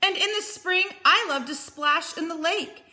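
A woman's voice: very high-pitched, a little slow, sharp tone, voice pushed up, exaggerated voice. A woman voicing a friendly, cheerful bear in a storybook read-aloud. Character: friendly cheerful bear who loves hugs.

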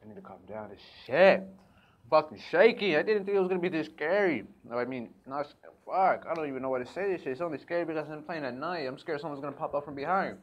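A man giving casual commentary on a horror game, jumpy and swearing, breaking into panicked shouts. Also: fairly high pitch, expressive, fast talker, muffled recording. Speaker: gaming video creator.

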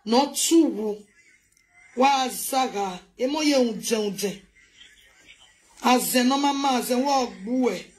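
A woman with a Nigerian Pidgin accent hosting a live commentary, talking in an animated, scolding way and mixing English with local languages. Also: on the high side, measured pace, long pauses, a little hiss or hum. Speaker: host. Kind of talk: live commentary on online drama.

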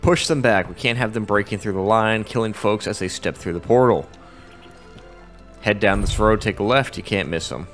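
A man's voice: on the low side, normal speed, fairly bright tone, faint music behind, lightly acted. A man reads a male sergeant's lines in a game, putting a new arrival to work. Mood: urgent. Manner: reading quest text aloud. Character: harried male sergeant giving orders.

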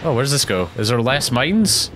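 A young man giving rambling, casual commentary while playing a video game, often jumpy and quick to laugh. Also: medium pitch, very animated, fairly bright tone, slight background noise. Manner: rambling, jumpy, breaks into panicked yelps and laughs. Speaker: let's play gamer.

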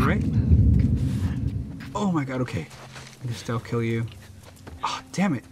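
A man giving casual gameplay commentary, panicking, swearing and repeating himself in quick bursts. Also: mid-range voice, lively intonation, very noisy. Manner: panicky, swears a lot, repeats words rapidly. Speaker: let's play gamer. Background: loud game music.

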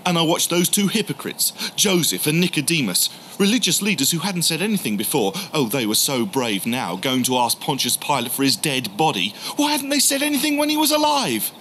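Brief: man voicing a bitter, stubborn disciple in a storytelling podcast, halting, breaking off and restarting, bright, ringing tone, slightly high voice. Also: very animated, a little hiss or hum. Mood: grieving. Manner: halting, emotional, repeats words. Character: grieving doubting male disciple, bitter and stubborn. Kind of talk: first-person dramatic storytelling.

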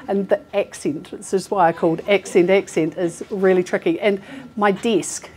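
A woman's voice: mid-range voice, steady tone, normal speed, few pauses, darkish tone, a little hiss or hum. A woman in her forties, a recruiter giving a chatty, informal talk to an audience, laughing often and using lots of fillers. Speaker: healthcare recruiter presenting. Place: meeting room with a live audience.

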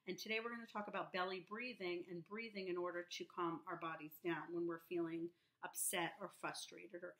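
A woman with a bright, clear voice teaches young children, stretching out words and saying them again and again. Her voice rings a little in an echoey room. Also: medium pitch. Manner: slow, sing-song phonics teaching with repeated words. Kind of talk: remote lesson for young children.

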